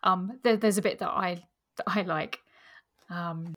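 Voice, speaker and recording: A woman's voice: on the low side, measured pace. A woman co-hosting a podcast in casual, playful chat about a novel. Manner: chatty and playful. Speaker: podcast co-host.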